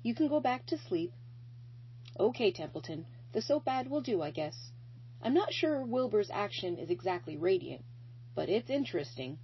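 A woman's voice: medium pitch, moderate pace, slightly rough, highs cut off, heavily acted. Woman doing a wise, kindly spider. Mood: commanding, fond. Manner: gentle, coaxing, lively. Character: wise, kind female barn spider.

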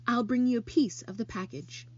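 Woman doing a grumpy high-voiced rat. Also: moderate pace, darkish tone, highs cut off, natural voice. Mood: grumbling. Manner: grumbling, high-pitched. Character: grumpy male barn rat, put-upon.

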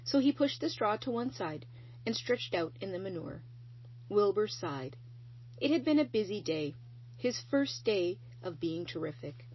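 Husky-voiced woman reading a story. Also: medium pitch, measured pace, highs cut off. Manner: expressive storytelling. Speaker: narrator. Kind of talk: reading a children's novel aloud.

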